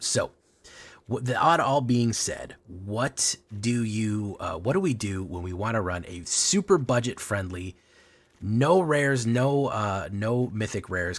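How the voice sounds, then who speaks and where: A man's voice: fairly low pitch, breathy edge. A man hosting a card game stream, talking in a playful, joking way. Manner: playful, joking, lively delivery. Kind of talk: casual stream commentary.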